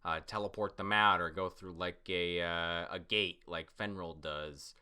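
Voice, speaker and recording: A man giving a casual, excitable manga reaction and recap, full of fillers and the odd curse when surprised. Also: deep voice, a little slow, clear, resonant tone. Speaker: manga reviewer.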